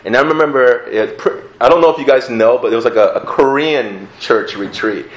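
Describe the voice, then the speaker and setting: Young man, testimony talk, lively storyteller who laughs easily and goes hushed for prayers, echoey room. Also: mid-range voice, brisk, highs cut off. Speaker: speaker giving a testimony.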